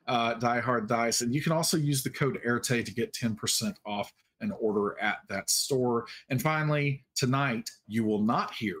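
A man's voice: medium pitch, normal speed, few pauses, a bit bright. A man hosting a livestream cast Q&A, chatty and upbeat, with frequent fillers. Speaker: host.

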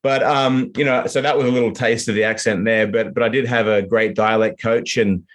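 An Australian man speaking in a fairly low voice in a relaxed interview. He rambles through his answers, full of fillers, restarts and loose asides. He sounds like an actor talking about his work. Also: brisk. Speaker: actor guest. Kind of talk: casual interview.

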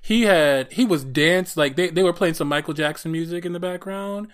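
A sassy, profane man co-hosting a casual podcast chat. His voice sits somewhat high and gets animated as he tells stories, often repeating himself. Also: moderate pace, clear, resonant tone. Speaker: podcast co-host.

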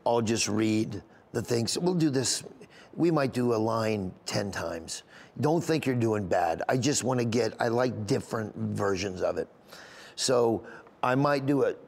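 Medium-pitched, creaky and darkish in tone, his voice carries a long reverb tail. An interviewed comedian, he rambles emotionally through a recollection, tearful one moment and laughing the next.

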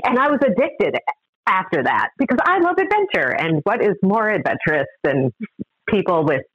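A woman's voice: medium pitch, moderate pace, slightly rough, no room sound. Middle-aged woman telling a story, voice jumps all over, dry dull recording. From Upper Midwest of the United States. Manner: lively, acts out other people's lines. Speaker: guest. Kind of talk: animated storytelling.

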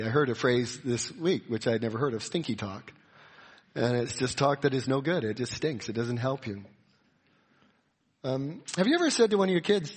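A middle-aged man preaching a sermon, swinging from emphatic high points to quiet, confiding asides. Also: expressive, moderate pace, husky. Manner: rises to emphatic peaks, drops to soft confiding asides. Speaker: pastor.

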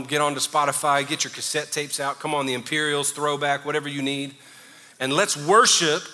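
Fervent preacher in a reverberant hall. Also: male voice, a little high, bright, forceful tone. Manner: preaching, swells into fervent sung prayer. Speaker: pastor. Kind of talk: sermon.

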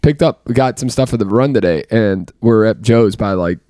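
A man hosting a casual chat among friends, telling animated, teasing stories. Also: lowish voice, no room sound, studio quality. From from an Irish Catholic family. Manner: fast, animated storytelling, teasing. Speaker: podcast host.

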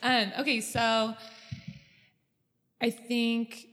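A woman's voice: a little high, level tone, drawn-out words, a bit bright. Young woman, casual chat, earnest and thoughtful, lots of ums, long reverb.

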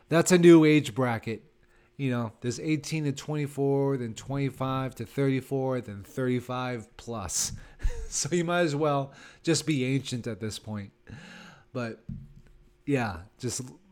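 A comedian in his thirties rants on his solo podcast in a casual, rambling, sarcastic way, full of fillers and laughs. His voice is medium-pitched, a little mellow, and unhurried.

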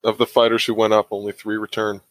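A man's voice: fairly low pitch, monotone, fast, no room sound. A man guesting on a podcast in casual chat, knowledgeable and precise with details.

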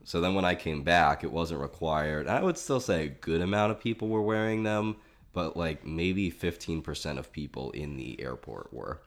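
Very deep-voiced man discussing films. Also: lively intonation, moderate pace. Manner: analytical, leading the discussion. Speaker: film podcast co-host. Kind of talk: casual chat.

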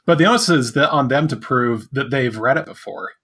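Husky dude on a podcast, deadpan jokes, lots of restarts. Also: male voice, mid-range voice, fairly quick. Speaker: podcast co-host. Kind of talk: casual podcast chat.

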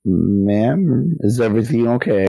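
A man voicing a cautious frontier deputy in a tabletop game, speaking to a stranger in a hesitant, gentle and polite way. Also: mid-range voice, lively intonation, measured pace, creaky, no echo, poor audio. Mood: concerned.

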